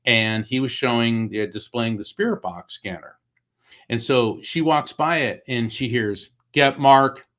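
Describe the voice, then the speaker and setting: Middle-aged man telling a vivid story. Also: a little slow. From Florida. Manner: animated storyteller, acts out quoted voices with big pitch jumps. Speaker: guest, psychic medium and author. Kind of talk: storytelling in a talk show interview.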